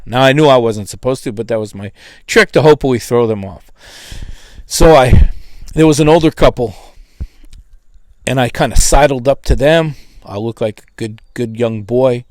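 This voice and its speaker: A man with a slightly mellow voice, recorded with no echo, tells a personal testimony in a casual, conversational storytelling style. He acts out quoted dialogue with jumps in pitch.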